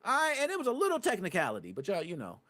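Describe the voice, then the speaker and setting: Excitable dude hosting a gaming podcast live, high voice that swings all over, swears a lot, yells when hyped. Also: male voice, very fast. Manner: excitable, loud bursts and rants, swears freely; talks to live chat viewers. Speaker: podcast host.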